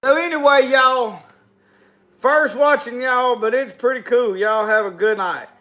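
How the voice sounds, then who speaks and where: A man's voice: extremely high pitch, measured pace, pushed and bright. A middle-aged man with a Southern US accent hosting a casual livestream in a folksy drawl, closing with a spoken prayer. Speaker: livestream host.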